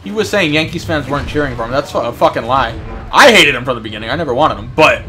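A man's voice: mid-range voice, lively intonation, fast talker, bright, forceful tone. A young man streaming a game, chatting casually, swearing and joking, slipping into silly put-on voices. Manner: profane, rowdy, swings into put-on voices. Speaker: gaming streamer. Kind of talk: casual live game commentary. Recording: faint music behind.

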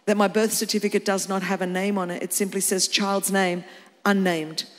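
A woman's voice: mid-range voice, level tone, moderate pace. A woman in her fifties with an Australian accent, preaching a sermon with passion that rises to emphatic exclamations. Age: 50s. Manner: impassioned, rising to emphatic exclamations. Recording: long reverb of a large hall.

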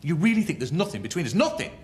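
A man's voice: a little high, very animated, very fast, darkish tone. An actor playing an earnest young man who confesses his love to a colleague, in a television soap. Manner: earnest, pressing.

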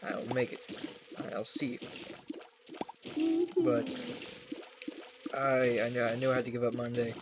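A man's voice: medium pitch, fairly even intonation, unhurried, long pauses. Chatty young man with noisy recording. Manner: chatty, goofy, talks to his pets. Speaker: gaming channel host. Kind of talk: casual let's play commentary.

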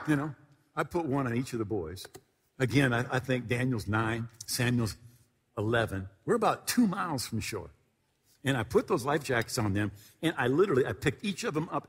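Animated, husky-voiced pastor in a reverberant hall. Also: male voice, medium pitch. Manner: animated storyteller, acting out voices, laughing at own story. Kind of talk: storytelling sermon. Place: church sanctuary before a congregation.

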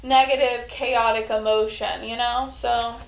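A chatty woman in a casual tarot reading video, her talk rambling and full of fillers. Her voice sits a bit high and rings in a roomy, echoey space. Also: flat delivery, a little slow, a little hiss or hum. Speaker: tarot reader. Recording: echoey room.

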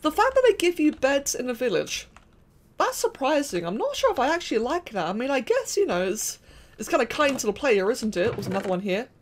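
A young woman giving chatty, excitable let's-play commentary, thinking aloud and talking to the characters on screen. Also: high voice, fairly quick, a little hiss or hum. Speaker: gaming channel host.

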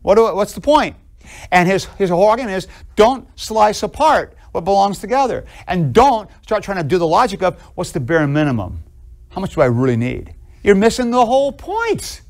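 A man teaching theology in a classroom lecture, animated and conversational, asking students questions and acting out little scenes. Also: high voice, a little fast, vocal fry. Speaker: theology professor.

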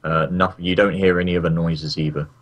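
Male game master, low voice, dry deadpan delivery for tabletop narration. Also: brisk.

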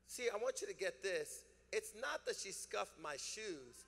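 High, bright-voiced preaching man. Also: animated, normal speed, vocal fry, hardly any pauses. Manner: emphatic preaching with call-and-response. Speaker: pastor. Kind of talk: sermon. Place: church sanctuary. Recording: long church hall reverb.

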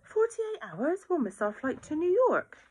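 A woman voicing a distraught middle-aged mother who speaks in loud, indignant outbursts. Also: lowish voice, big pitch swings, a little fast, husky, exaggerated voice. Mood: exasperated.

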